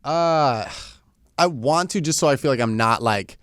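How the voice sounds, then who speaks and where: A man's voice: mid-range voice, animated, fairly bright tone, clear, resonant tone, dry recording, clean studio sound. A man guesting on a podcast in casual chat, joking and acting out voices in his stories. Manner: quick, jokey, acts out voices in stories.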